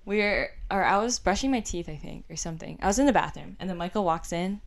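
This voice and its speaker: A woman's voice: lowish voice, quick pace. A young woman in a casual chat, telling a story with lots of filler words. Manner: chatty storyteller, filler-heavy.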